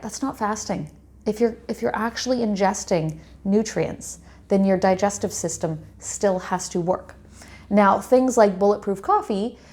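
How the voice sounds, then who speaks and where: A woman's voice: medium pitch, darkish tone. Woman, life coach, unscripted vlog, chatty, rambling, lots of asides. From Canada. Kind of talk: unscripted talk to camera.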